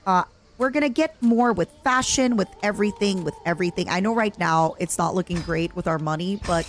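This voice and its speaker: A woman's voice: on the low side, brisk, a little hiss or hum. A woman VTuber streaming a strategy game, chatting casually and playfully pleading with the game as she plays. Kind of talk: casual live gameplay commentary.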